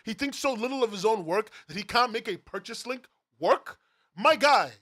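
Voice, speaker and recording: A man's voice: very high voice, lively intonation, moderate pace, pushed and bright. A man reviewing webcomic platforms in a profane, exasperated rant, laughing through it. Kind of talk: ranting commentary.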